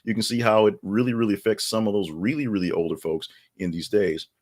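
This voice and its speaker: A man's voice: lowish voice, fast talker, a little mellow. A middle-aged man hosting a podcast, commenting on the news in a rambling, casual way with lots of fillers and wry asides. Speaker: podcast host.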